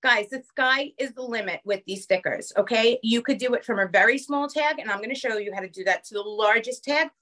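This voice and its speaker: A woman with a New York accent teaching a live online craft class over a phone camera, chatty and quick, checking in with the viewers often. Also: on the high side, bright, forceful tone. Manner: fast-talking, chatty, keeps checking in with "okay?". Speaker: craft instructor.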